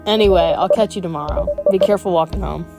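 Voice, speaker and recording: A woman's voice: fairly low pitch, fast talker, lightly acted. A woman voicing a hesitant young coworker with a put-on Australian accent, over game music. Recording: music playing under the voice.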